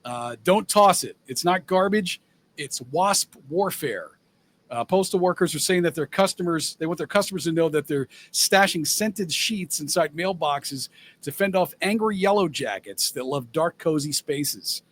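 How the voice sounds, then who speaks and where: A man co-hosting a podcast, reading out news stories in a measured way, with frequent "uh" fillers. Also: fairly high pitch, expressive, fairly bright tone. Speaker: co-host.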